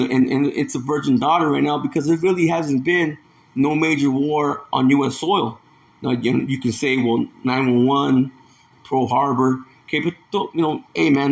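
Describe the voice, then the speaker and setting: A man giving informal scripture teaching. He reads verses aloud slowly and often repeats words, breaking in with "man" and "see". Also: a little high. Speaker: Bible teacher.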